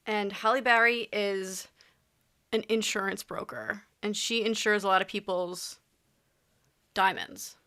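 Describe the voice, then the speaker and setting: Woman, casual vlog chat, rambling, crisp clear tone, bright. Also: medium pitch. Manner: chatty, rambling, with frequent restarts and asides. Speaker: vlogger.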